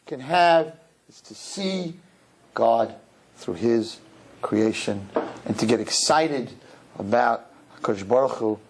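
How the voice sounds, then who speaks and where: A rabbi giving a humorous sermon to young people, telling stories and jumping into high, mocking voices. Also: male voice, slow pace, long pauses, slight background noise. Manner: animated storyteller, jumps into high mocking voices. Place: synagogue hall.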